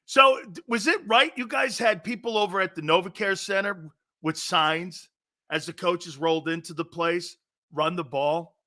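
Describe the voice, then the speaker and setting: Brash, high-voiced middle-aged sports host. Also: male voice, moderate pace, sharp tone. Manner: brash, profane, joking, laughs often. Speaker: sports talk show host. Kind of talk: sports talk show monologue.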